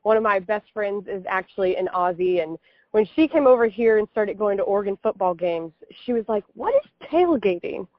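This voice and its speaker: An American woman in her twenties, a podcast guest chatting in a lively, quick way. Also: medium pitch, no room sound, muffled recording. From United States. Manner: lively, laughing, quick talker. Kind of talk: casual conversational chat.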